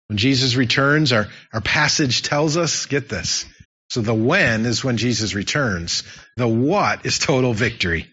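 A man's voice: medium pitch, bright, forceful tone. A man preaching a sermon as pastor, emphatic and repeating his key phrases for effect. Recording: dull lo-fi sound.

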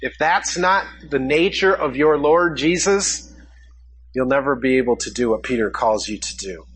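A man's voice: medium pitch, moderate pace, a bit bright, slightly rough, poor audio. A man preaching a sermon, asking his congregation questions as he teaches from a passage. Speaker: pastor.

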